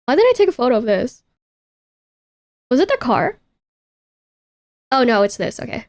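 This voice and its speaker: A woman's voice: fairly high pitch, big pitch swings, normal speed, darkish tone. A young woman streaming casually to her chat, talking through photos in a playful, self-interrupting way and swearing freely. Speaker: VTuber streamer.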